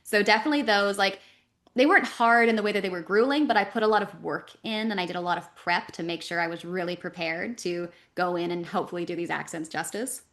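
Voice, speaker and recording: Canadian woman voice actor chatting in an interview, lively and quick, lots of ums and likes. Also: fairly low pitch. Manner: animated, talks in quick runs with fillers. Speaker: voice actress guest. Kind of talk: casual interview talk.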